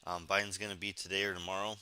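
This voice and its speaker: A man's voice: low-pitched, little pitch movement, rapid-fire, pushed and bright, clean tone. A man hosting a casual late-night news commentary stream, sarcastic and ranting, talking carefully with a sore face after surgery. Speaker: live stream host.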